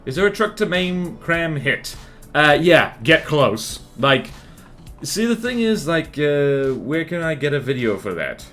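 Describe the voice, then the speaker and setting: A man's voice: a little high, big pitch swings, measured pace, a bit bright. A man streaming a game live, chatting casually and rambling with lots of fillers and self-deprecating asides. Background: faint music and keyboard typing.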